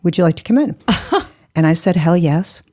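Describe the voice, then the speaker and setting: A woman's voice: on the low side, normal speed, mellow. A woman in her forties, a podcast guest, telling her story bluntly and candidly, mocking herself and laughing often.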